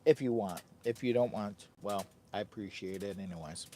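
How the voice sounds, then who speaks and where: A man's voice: fairly low pitch, normal speed, warm tone, a little hiss or hum. A man hosting a casual live stream from a camping trip, rambling and joking with his viewers and his dog. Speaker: livestreaming camper and channel host. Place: tent at a campsite.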